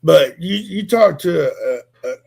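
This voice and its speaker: A man's voice: high voice, lively intonation, unhurried, vocal fry. A middle-aged man co-hosting a casual chat, rambling through laid-back stories with a dry mouth.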